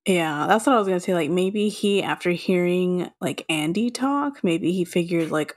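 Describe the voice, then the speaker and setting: A woman from Texas co-hosting a podcast, chatting casually with frequent laughs and quick asides. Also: fairly low pitch, expressive. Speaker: podcast co-host. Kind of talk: casual chat.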